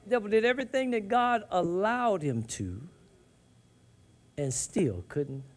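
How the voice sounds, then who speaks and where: High-voiced preacher shouting and hushing. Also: male voice, sing-song, unhurried. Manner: call-and-response preaching, swings from hushed to shouting. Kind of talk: sermon.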